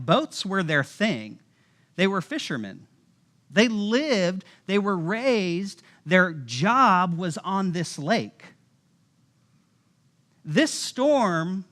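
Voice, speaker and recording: Animated high-voiced man preaching. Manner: casual, animated storytelling with voiced asides. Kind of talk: sermon. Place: church.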